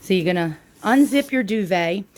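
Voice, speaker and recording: New York woman, mid-pitched, casual how-to demo, chatty with fillers. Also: lively intonation, moderate pace. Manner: chatty, with frequent ums and uhs. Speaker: product demonstrator.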